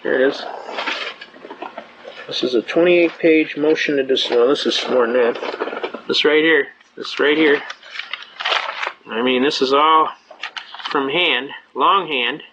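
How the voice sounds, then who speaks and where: A man's voice: fairly high pitch, slow pace, pauses often, muffled recording, noisy background. An older man speaking at a seminar, telling stories in a folksy, conversational way, emphatic and repeating himself. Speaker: seminar speaker on constitutional rights. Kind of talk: folksy storytelling lecture.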